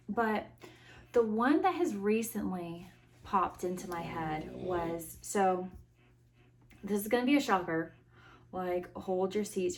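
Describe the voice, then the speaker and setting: A young woman hosting her own podcast, rambling in a casual chatty way with dry, self-mocking sarcasm, recorded on a phone. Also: medium pitch. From United States. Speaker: podcast host. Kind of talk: casual solo chat. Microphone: iPhone.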